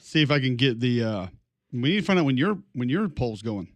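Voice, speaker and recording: A man's voice: mid-range voice, big pitch swings, a little fast, dry recording. A man co-hosting a sports radio show, joking around as an Australian punter and calling people mate. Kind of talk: casual sports talk. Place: radio studio.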